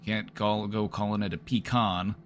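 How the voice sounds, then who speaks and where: A man's voice: fairly low pitch, level tone, normal speed. A man streaming live, giving casual joking commentary with wry running reactions. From United States.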